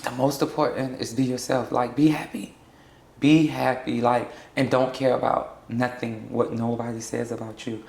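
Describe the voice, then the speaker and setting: A young trans woman from South Florida speaking in a candid sit-down interview, blunt and sassy and quick to laugh. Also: rumbling low, little pitch movement, gravelly, a little mellow, roomy sound. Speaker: interview guest.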